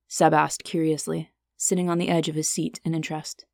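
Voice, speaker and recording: Lowish-voiced woman narrating a fantasy story. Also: a little fast, few pauses, dry recording.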